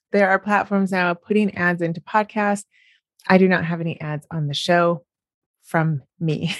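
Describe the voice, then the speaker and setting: A woman's voice: on the low side, no room sound. Chatty American woman hosting podcast, dry sound. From United States. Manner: chatty, laughs often. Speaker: podcast host. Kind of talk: casual podcast chat.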